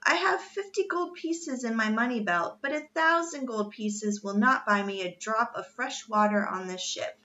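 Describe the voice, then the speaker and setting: A woman voicing an excitable, distressed French immigrant man who exclaims dramatically in a storybook reading. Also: on the high side, normal speed, few pauses, muffled recording. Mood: incredulous.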